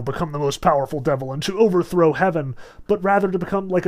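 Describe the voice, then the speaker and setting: A man lectures on a novel in a loose, conversational way, leaning on fillers as he sorts out his thoughts. His voice is a bit higher than most men's. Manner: relaxed, filler-laden explaining. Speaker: literature lecturer. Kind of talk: casual lecture retelling a novel.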